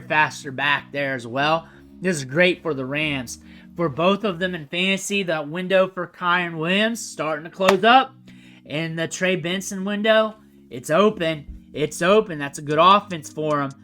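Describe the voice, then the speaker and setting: A man's voice: fairly high pitch, bright, forceful tone. A man giving a casual, opinionated fantasy football draft breakdown, repeating his points emphatically.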